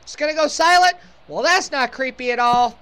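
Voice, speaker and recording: A woman's voice: high-pitched, moderate pace, fairly bright tone, a little hiss or hum. A woman putting on a British accent to play a theatrically polite caller on a phone, full of sarcastic courtesy. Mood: mock polite. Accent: put-on British. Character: mock-posh British woman phoning a killer.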